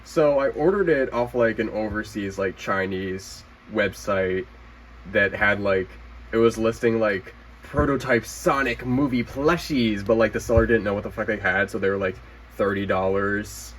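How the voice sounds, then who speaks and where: Young male vlogger, rambling and profane, quick to laugh, fairly low voice, faint room hiss. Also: a bit bright, poor audio. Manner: rambling and profane, filler-heavy with frequent laughter. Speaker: toy collector vlogger. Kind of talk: casual show-and-tell vlog. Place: at home by a camera stand.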